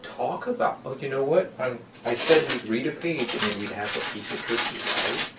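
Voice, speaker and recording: A man talking gently and a little too formally, coaxing a child in a scene. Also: medium pitch, animated, normal speed. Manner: gentle, overly formal big-brother tone. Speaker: performer in a scene study. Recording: roomy, distant, noisy room recording.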